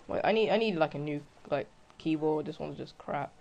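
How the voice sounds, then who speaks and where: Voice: mid-range voice, moderate pace, gravelly. A let's-play gamer giving casual commentary to themselves while playing, often groaning and crying out in frustration. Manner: talks to self, frequent exclamations and groans.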